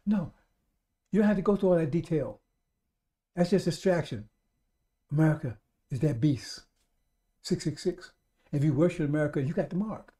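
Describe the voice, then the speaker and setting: A fervent male radio preacher with a mellow, darker tone that sits a little higher than most men's. He repeats his points over and over and keeps calling out to his brothers and sisters, pushing toward loud exhortation. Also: normal speed, pauses often. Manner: addresses listeners as brothers and sisters. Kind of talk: streetwise radio sermon.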